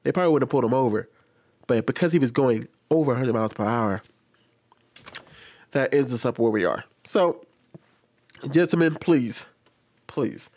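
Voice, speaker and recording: A man's voice: medium pitch, fairly quick, pauses often, darkish tone. A young adult man commenting on a news story in an exasperated, lecturing way, repeating his pleas. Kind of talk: reaction commentary.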